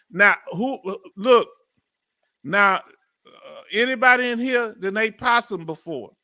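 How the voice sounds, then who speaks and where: Chatty high-voiced Southern man. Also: takes it slowly, sharp tone. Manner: chatty, reads viewer comments aloud. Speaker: livestream host. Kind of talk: casual livestream chat. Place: home.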